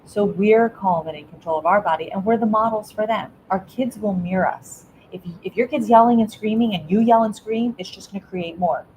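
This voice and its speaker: A woman's voice: medium pitch, brisk, hardly any pauses, slight background noise, rough recording. A middle-aged woman, an educator, answering interview questions with earnest parenting advice, often restarting her words. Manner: earnest, warm coaching tone with frequent restarts. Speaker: guest, educator.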